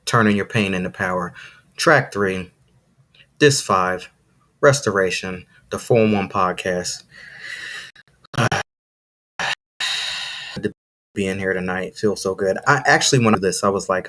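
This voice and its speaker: A man's voice: low-pitched, measured pace, long pauses. A man hosting a live podcast, delivering an emphatic, preachy motivational monologue. He repeats phrases for effect and speaks straight to his listeners. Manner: excited, talks to listeners directly. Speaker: podcast host.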